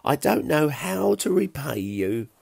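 A man voicing Sam, a sick Stone Age boy who speaks weakly and slowly with groans. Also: fairly high pitch, big pitch swings, vocal fry, a little mellow, dry recording, studio quality, pitched above the performer's own voice, exaggerated voice. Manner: weak, drawn-out and groaning. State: feeble from illness.

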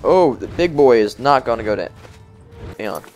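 A young man giving casual, excitable commentary over a video game, swearing and talking to his viewers. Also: medium pitch, normal speed, soft background music. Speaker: let's play gamer.

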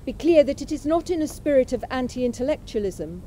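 A woman with a fairly high, mellow voice reads aloud from a lecture. Her delivery is measured and unhurried, literary in tone, and she gives each line room without any showiness. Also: expressive, slight background noise, low-quality recording. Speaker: speaker at a memorial event. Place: college chapel.

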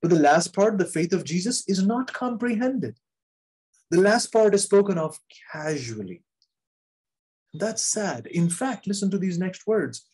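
A man preaching a sermon in an earnest, emphatic way, repeating phrases and letting key lines fall soft and low. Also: expressive, unhurried, breathy edge.

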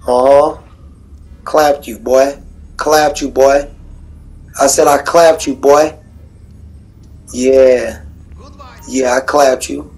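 Guy gaming and talking trash on voice chat, cocky and taunting, aave slang, kinda high voice. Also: a little mellow, slight background noise, low-quality recording. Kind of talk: casual trash talk while gaming.

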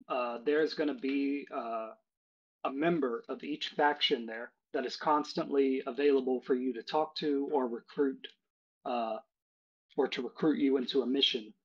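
A man narrating as game master of a tabletop game, explaining things at length with many fillers. His voice is husky and mid-pitched. The audio is dull and lo-fi.

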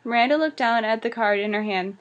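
A woman reading a children's novel aloud in a plain, steady voice. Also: fairly high pitch, brisk, highs cut off. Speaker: audiobook reader. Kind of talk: storybook read-aloud.

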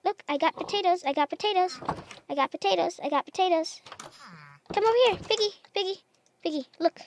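A woman's voice: extremely high pitch, a little fast, slight background noise. A woman casually commenting as she plays a building game, chatty and unsure of herself, talking to the animals she meets. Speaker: gamer. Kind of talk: casual Minecraft let's play commentary.

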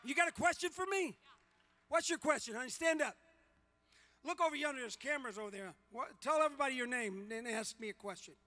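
A man in his sixties banters with fans at a convention panel, loud and teasing, his bright, high voice carrying into a large hall. He jokes constantly and often breaks into shouts and laughter. A handheld mic picks him up. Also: a little fast. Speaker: celebrity convention panel guest.

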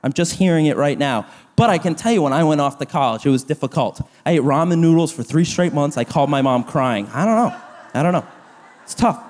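A man in his thirties preaching a sermon to a church, animated and self-deprecating, acting out quoted gossip. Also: on the high side, a little fast. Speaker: pastor. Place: church auditorium. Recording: long reverb of a large hall.

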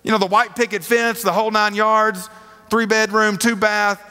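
High-voiced preacher in a reverberant hall. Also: male voice, flat delivery, moderate pace, bright, forceful tone, clear, resonant tone. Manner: casual, rhetorical questions to the audience. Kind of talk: conversational sermon. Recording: long reverb of a large hall.

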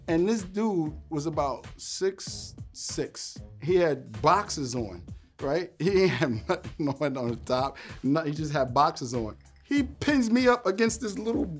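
A former police officer telling a story in an interview, acting out the people he quotes. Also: fairly high pitch. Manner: animated storyteller, acts out voices in quotes.

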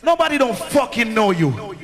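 A man with a Jamaican accent, a sound system selector hyping a live dancehall crowd with boastful, shouted patois banter. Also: very high-pitched, sing-song, normal speed, in a large hall.

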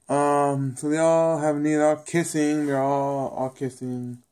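A man's voice: on the high side, flat delivery, unhurried, hardly any pauses, a little mellow, clean tone. A man talking casually to his viewers, recapping and reviewing a TV episode in a rambling way, often repeating himself and acting out the characters' lines.

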